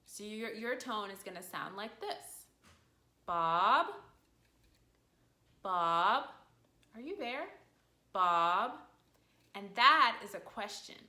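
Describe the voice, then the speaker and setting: A woman teaching a video lesson in an animated way, her voice swooping up high when she acts out calling a dog. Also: unhurried. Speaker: language teacher. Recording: echoey room.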